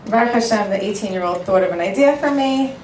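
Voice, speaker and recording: A woman's voice: mid-range voice, animated, fast, a little mellow, slight background noise. Woman, matchmaker at a podium, earnest storytelling, heard from a distance, roomy echo. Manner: emphatic, storytelling, repeats for effect. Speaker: matchmaker giving a speech. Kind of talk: earnest speech to an audience. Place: event hall with a live audience. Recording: echoey hall, voice picked up from a distance.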